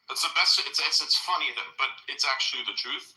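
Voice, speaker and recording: A man's voice: a little high, normal speed, bright, forceful tone, roomy sound, low-quality recording. A man hosting a podcast in casual chat, rambling and loose, swearing freely. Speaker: podcast host.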